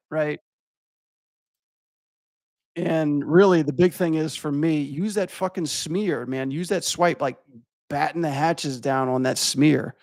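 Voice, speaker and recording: A man's voice: on the high side, darkish tone, no room sound, studio quality. A young adult man from Louisiana, rambling and swearing as he critiques animation for his stream chat. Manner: rambling, profane, filler-heavy.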